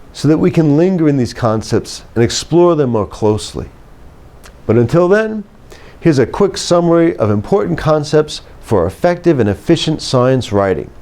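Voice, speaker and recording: A man teaches writing in a scripted lecture. His voice is mellow and lowered in tone, but his pitch moves in a lively way. He stresses key words and lets each sentence settle with a falling close. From United States. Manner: measured, emphatic, drops pitch at phrase ends. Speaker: writing instructor.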